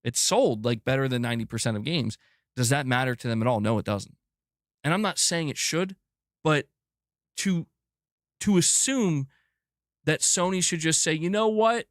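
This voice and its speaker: A man hosting a gaming news livestream, ranting emphatically with lots of swearing, swinging from loud bursts to muttered asides. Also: mid-range voice, expressive, normal speed, pauses often, no echo, studio quality. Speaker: gaming news channel host. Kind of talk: livestream commentary rant.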